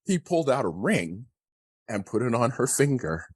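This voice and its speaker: A man's voice: medium pitch, sing-song, moderate pace, breathy edge, dry recording, studio quality. A man who preaches, telling an anecdote in a wry, blunt way. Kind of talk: casual storytelling.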